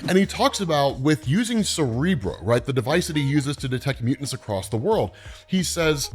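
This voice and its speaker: A man with a voice a touch higher than most men's talks through a comic storyline like a fan explaining it to friends. He keeps it loose and conversational, breaking up the narration with "right?" and "like", and slips into quick impressions of the characters as he goes. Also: big pitch swings, slightly rough. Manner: casual, lots of "right?" and "like", acts out quotes in passing. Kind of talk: casual comic recap narration.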